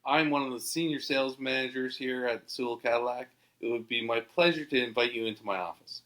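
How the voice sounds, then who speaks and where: A man's voice: medium pitch, brisk, a bit bright, natural voice, rough recording. A man playing a polite, formal male senior car sales manager in an anecdote. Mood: courteous.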